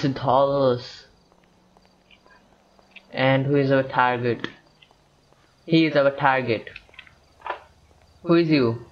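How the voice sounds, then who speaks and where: On a muffled recording with a little hiss or hum, a gameplay commentator rambles through casual let's-play commentary in a mid-range voice. He talks to himself and addresses the game's characters as he plays.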